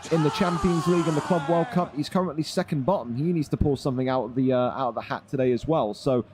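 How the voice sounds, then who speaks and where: A man's voice: on the high side, fast talker, background noise. A young man chatting casually on a live stream, running a gaming league. He is blunt and swears freely.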